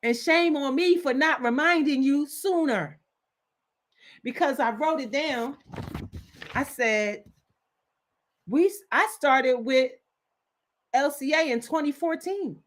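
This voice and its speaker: A woman gives an impassioned wellness talk, her voice sitting on the high side. She preaches with urgency and hammers her points home through repetition. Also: slow, pauses often. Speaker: wellness speaker.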